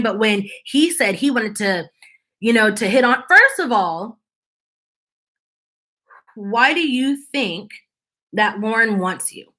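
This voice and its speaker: A woman with a slightly high voice chats straight to her viewers as host of her own channel. She sounds exasperated and sarcastic, and she airs strong opinions in a loose, rambling commentary. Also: expressive, normal speed, a bit bright.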